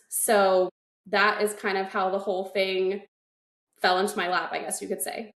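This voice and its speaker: A woman's voice: medium pitch, fairly quick. A woman, a guest founder telling her story in a casual interview, acting out the people she quotes. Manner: lively, animated retelling with quoted dialogue. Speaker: guest, nanny agency founder. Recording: roomy echo.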